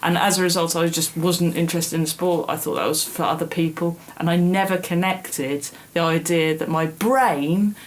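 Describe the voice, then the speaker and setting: A young woman from northern England co-hosts a podcast, chatting casually in a self-mocking, laughing way. Her voice is fairly low with fairly even intonation, and she talks at a moderate pace with hardly any pauses.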